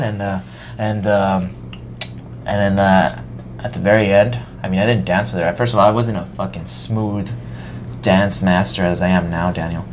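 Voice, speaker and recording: A young man telling a high school story in casual chat, animated, swearing often and acting out his past self. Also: normal speed, slight background noise.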